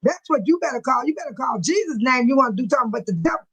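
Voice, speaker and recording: Woman, high voice, casual livestream host, laughs a lot, folksy, phone mic. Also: lively intonation, very fast, slightly rough, low-quality recording. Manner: laughs often, folksy and churchy talk. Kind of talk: casual live chat reading viewer comments.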